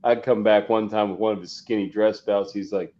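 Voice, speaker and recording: A man telling profane, animated childhood stories in a casual podcast chat. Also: lowish voice, fairly quick. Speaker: podcast co-host. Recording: slightly dull lo-fi audio.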